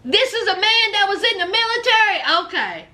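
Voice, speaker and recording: High-pitched sassy woman recapping. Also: sing-song, normal speed, pushed and bright. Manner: sassy, gossipy, says "honey" a lot. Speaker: commentator. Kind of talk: reality TV recap commentary.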